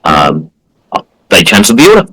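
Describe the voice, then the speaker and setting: A man's voice: lowish voice, huge pitch swings, normal speed, pushed and bright, husky, poor audio. A man co-hosting a podcast, telling a story in a casual, emphatic way and acting out the people he quotes. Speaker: podcast co-host.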